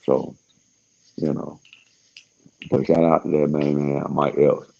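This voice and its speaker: A man's voice: rumbling low, flat delivery, slow, vocal fry, muffled recording, noisy background. A man talking in a casual, rambling monologue, laid-back and slangy, trailing off with fillers as he searches for words.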